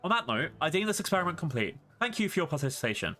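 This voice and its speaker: A man's voice: a little high, very animated, racing, pushed and bright, faint music behind. A man voicing an eccentric female scientist who is curious, blunt and matter-of-fact, reading game dialogue aloud. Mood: clinical.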